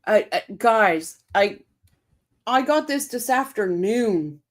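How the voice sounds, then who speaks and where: A woman's voice: mid-range voice, animated, takes it slowly. A woman hosting a true crime livestream, reading chat comments aloud and talking back in a blunt, profane, indignant way.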